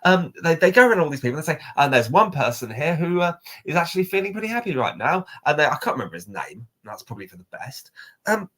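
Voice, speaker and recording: A man with a husky voice, co-hosting a podcast and going on an animated, sweary rant. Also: fairly high pitch, quick pace. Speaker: podcast co-host.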